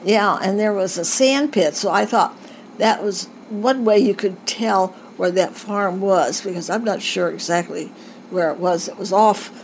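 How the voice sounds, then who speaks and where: A woman's voice: mid-range voice, measured pace, a little hiss or hum, low-quality recording. An older woman recalling her family's past in a rambling way, with frequent stops and restarts. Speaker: interviewee. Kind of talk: family oral history recollection.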